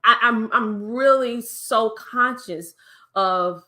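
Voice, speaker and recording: A woman guest speaks with a Southern US accent and a country twang. She tells her story in lively casual talk, slipping into other voices. Her tone is bright and forward. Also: fairly high pitch, slow pace. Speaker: podcast guest.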